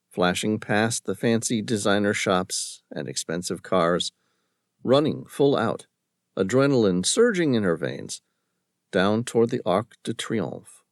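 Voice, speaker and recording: A male audiobook narrator reading a thriller novel in a measured, dramatic storytelling manner. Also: on the low side, no echo, clean studio sound. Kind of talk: scripted narration.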